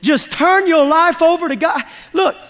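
A man's voice: very high voice, measured pace, fairly bright tone. A man preaching a sermon to his congregation, emphatic and folksy, drawing responses from the listeners. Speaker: pastor. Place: church sanctuary. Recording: long reverb of a large church hall.

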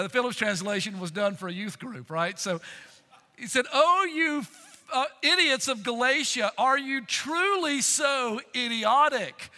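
A man preaching a sermon as pastor of his church, impassioned, swinging from loud to near whispers. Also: very high voice. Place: church sanctuary. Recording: long reverb in a church hall.

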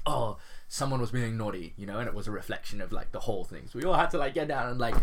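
A man's voice: on the low side, a bit bright. A young man telling his story as an interview guest, chatting casually, laughing often and saying "like" a lot. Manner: chatty, says "like" a lot, laughs while talking.

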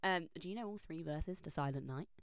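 A young woman telling a personal story in a chatty, animated way, full of fillers and restarts. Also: low voice, a little fast, dry recording. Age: young adult. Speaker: vlogger. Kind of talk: casual storytelling. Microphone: close microphone.

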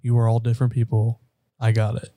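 A man's voice: medium pitch, monotone, fast, very noisy. A young American man in casual chat, rambling and laughing, swearing now and then. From United States.

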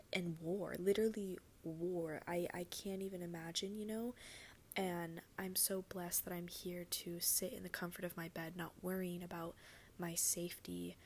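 A woman's voice: on the low side, a little hiss or hum. A woman hosting a solo podcast from her bed, talking casually and earnestly, rambling with lots of "like" and "you know" and the odd swear word. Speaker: podcast host.

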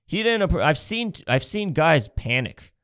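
A man's voice: on the high side, big pitch swings, moderate pace, a bit bright, dry recording, clean studio sound. Profane sarcastic man ranting comedically. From Canada. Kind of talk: comedic rant.

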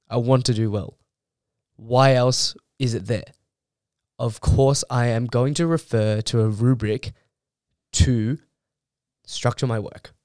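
A man's voice: medium pitch, a little mellow, no room sound, clean studio sound. Blunt young man ranting. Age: young adult. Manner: blunt, heated, swears freely. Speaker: university student. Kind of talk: casual ranting monologue.

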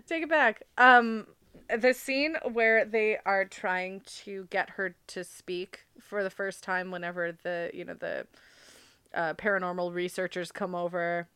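A woman's voice: medium pitch, steady tone, a little slow, sharp tone, clear, resonant tone, no room sound. A young woman co-hosting a podcast, talking in an emotional, giggly way with lots of fillers about a movie. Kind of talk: casual movie discussion.

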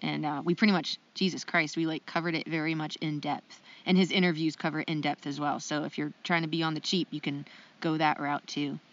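A woman's voice: deep voice, little pitch movement, brisk. Woman cohost rambling casually on a podcast, says um a lot, kinda dull lo-fi audio. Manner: self-deprecating, chatty, lots of ums. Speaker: podcast co-host.

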